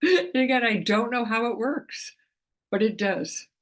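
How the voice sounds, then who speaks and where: With a voice on the high side, a middle-aged woman explains her animal communication work to camera, animated and unhurried. The talk is casual and chatty, full of restarts and soft laughter.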